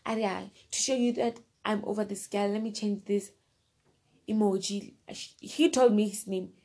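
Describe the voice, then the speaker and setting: A woman's voice: mid-range voice, steady tone, normal speed, mellow. A woman casually telling a personal story, rambling and repeating herself, often turning to the listener directly. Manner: rambling, repeats phrases and fillers.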